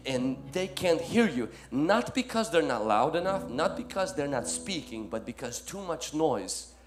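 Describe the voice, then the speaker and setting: A male pastor preaching a sermon, swinging from loud emphatic lines to soft ones and calling listeners "my friend". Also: fairly high pitch, very animated, unhurried.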